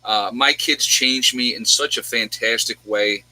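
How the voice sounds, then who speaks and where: A man's voice: mid-range voice, measured pace, sharp tone, dry recording, rough recording. A middle-aged man, the host, telling a personal story in a rambling, emotional way, fighting back tears and laughing. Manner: rambling, repeats himself, gets teary and laughs.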